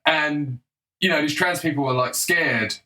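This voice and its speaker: A man's voice: on the high side, unhurried, sharp tone, rough recording. Heated man in a scornful rant. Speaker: political commentator. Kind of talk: ranting solo commentary.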